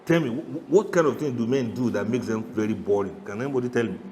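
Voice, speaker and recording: A man giving a lively, humorous sermon, often laughing and asking the audience questions. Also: mid-range voice, quick pace, long reverb tail, a little hiss or hum. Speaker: Islamic preacher.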